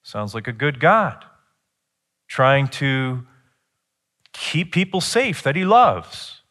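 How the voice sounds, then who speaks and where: A middle-aged man preaching a sermon in an earnest teaching tone, rising higher and louder when he presses a point. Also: sing-song, takes it slowly.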